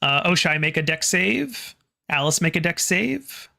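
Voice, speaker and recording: Bright voiced gm running a spooky tabletop game, kinda halting, restarts a lot. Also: mid-range voice, big pitch swings, vocal fry. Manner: halting, restarts phrases while describing the scene. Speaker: game master.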